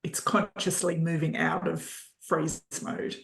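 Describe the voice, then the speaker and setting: A woman taking part in a coaching call as the client, easygoing and quick to agree. Her low voice has a gravelly fry to it, and the room around her sounds echoey. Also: little pitch movement. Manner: agreeable, answers with many yeahs, laughs easily. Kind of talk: casual chat on a coaching call.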